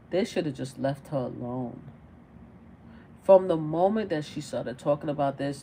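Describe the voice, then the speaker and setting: A woman's voice: a bass voice, warm tone, a little hiss or hum. A middle-aged woman hosting a casual reaction livestream, chatting and firing off exasperated, repeated rhetorical questions. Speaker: livestream commentator.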